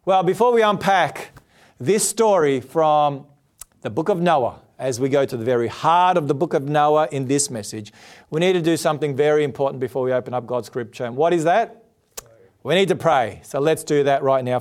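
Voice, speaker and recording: A middle-aged man, a pastor telling a lively personal story in a sermon before turning to prayer. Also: moderate pace. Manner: animated storyteller, voices quotes with big pitch jumps.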